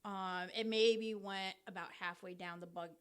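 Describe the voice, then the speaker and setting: A woman's voice: medium pitch, fairly even intonation, normal speed, clean tone. Chatty woman explaining baseball. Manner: chatty, explains step by step with many ums. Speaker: podcast co-host explaining baseball. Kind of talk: casual explanatory chat.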